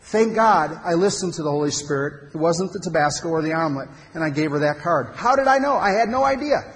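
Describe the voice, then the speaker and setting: A man with a high voice tells a personal story to a men's gathering, emphatic and animated, with pauses for effect. His words echo through a large hall with a long reverb. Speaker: speaker at a men's conference. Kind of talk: storytelling talk to an audience.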